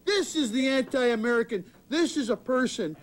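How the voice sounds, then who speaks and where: A man's voice: extremely high pitch, animated, normal speed. A man on a talk show panel, heckling and taunting his opponent. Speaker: guest. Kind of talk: heated debate.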